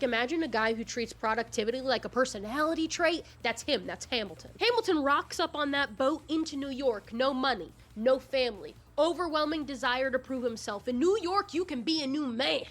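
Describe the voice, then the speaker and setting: A woman in her twenties recapping musicals in a casual video commentary, sarcastic, excitable and quick to swear. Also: high voice. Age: 20s. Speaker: YouTuber.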